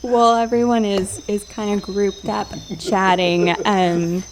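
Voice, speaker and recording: A woman narrating a tabletop game as game master, unhurried and laughing often. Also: medium pitch, background noise.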